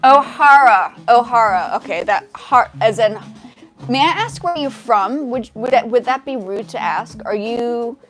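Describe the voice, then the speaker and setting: Young woman, light South African accent, slightly high voice, rambling live-stream chat with faint music underneath. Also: animated, measured pace. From half South African, now living in the States. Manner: chatty, hesitant, restarts often, reads viewer comments aloud. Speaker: livestream host, music composer. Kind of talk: casual livestream chat with viewers. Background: her music track playing faintly.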